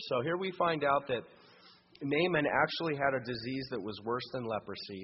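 A man preaching a sermon and reading scripture, dramatic, swinging between loud emphasis and hushed lines. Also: on the high side, a little fast. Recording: dull sound with long hall reverb and faint hum.

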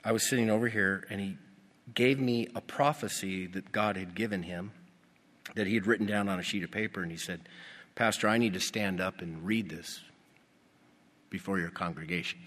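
Low-voiced pastor preaching in a reverberant hall. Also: male voice, normal speed. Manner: animated, rhetorical questions to the congregation. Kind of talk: sermon. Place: church. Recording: long reverb of a church hall.

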